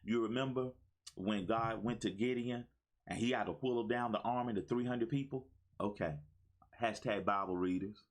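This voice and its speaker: A man's voice: on the low side, normal speed. A man in his fifties giving a livestream motivational talk, exuberant, with a preacher-like call-and-response manner. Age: 50s. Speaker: motivational speaker. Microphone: phone.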